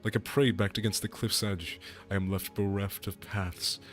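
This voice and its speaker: A composed, formal young man from a game, as a man reads his lines aloud, speaking in a measured, solemn manner. The voice sits lower and softer than the reader's usual talk, with faint music underneath. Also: flat delivery, natural voice.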